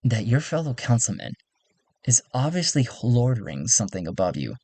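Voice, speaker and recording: A man's voice: mid-range voice, big pitch swings, moderate pace, warm tone, slightly rough, dry recording. Confident persuasive negotiator, plain mid-range voice, as a man plays him. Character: calm male negotiator with a bionic eye.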